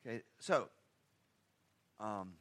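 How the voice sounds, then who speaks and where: A man preaching a sermon in a conversational, emphatic way, firing off rhetorical questions and moving between loud stressed phrases and quiet asides. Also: lowish voice, lively intonation, slow.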